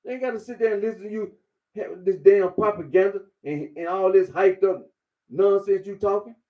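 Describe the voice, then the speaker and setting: A man's voice: high voice, normal speed, narrow, tinny audio. A man giving a blunt, repetitive monologue, lecturing the listener directly. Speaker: commentator. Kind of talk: casual monologue.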